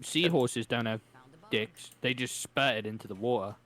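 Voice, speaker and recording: A man's voice: mid-range voice, moderate pace, fairly bright tone. A man, a podcast co-host trading blunt, jokey banter in casual chat over a remote call.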